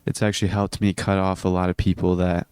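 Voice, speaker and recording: Speaking fast and hiccuping, a teenage vlogger rambles earnestly through a casual self-improvement video, restarting sentences along the way. His voice is deep, even and smooth, staying clear. The recording is close and dry with no room sound.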